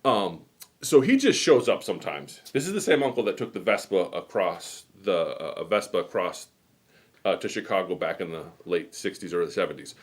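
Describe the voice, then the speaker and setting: A man's voice: deep voice, expressive, moderate pace. A middle-aged man from New England hosting a casual show, telling rambling stories and chatting as he goes. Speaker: host. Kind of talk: casual chat.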